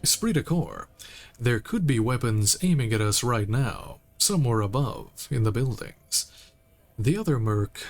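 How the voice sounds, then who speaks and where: A man streaming a game, reading its text aloud in a relaxed way and making occasional asides. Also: medium pitch, unhurried. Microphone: streaming mic.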